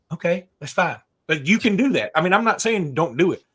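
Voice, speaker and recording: Sports podcast guy, kinda high voice, swings all over, rambles and restarts a lot. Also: fairly quick. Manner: rambling, animated, many restarts. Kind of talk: casual sports chat.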